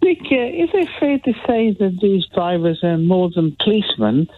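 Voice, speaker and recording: A man's voice: high voice, sing-song, normal speed, no room sound. A man calling in to a radio phone-in, earnest and complaining. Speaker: caller. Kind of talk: phone-in call. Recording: tinny phone line.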